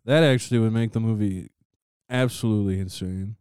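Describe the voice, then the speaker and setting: A man's voice: fairly low pitch, a little fast, darkish tone, clean tone, dry recording, studio quality. A young man telling rambling stories in a casual chat with friends, laughing often.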